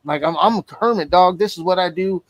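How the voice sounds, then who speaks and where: A man's voice: high-pitched, brisk, dry recording, poor audio. A man telling a personal story in casual stream chat, blunt and heavily profane.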